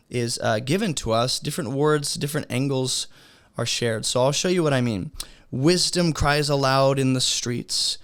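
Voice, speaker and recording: A man teaching a beginner's Bible study lesson in a relaxed, conversational way, asking his listeners rhetorical questions. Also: mid-range voice.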